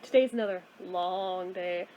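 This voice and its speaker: A woman's voice: on the low side, unhurried, dark tone, muffled recording, slight background noise. A woman vlogger in a casual chat, self-deprecating and giggly as she talks about her day.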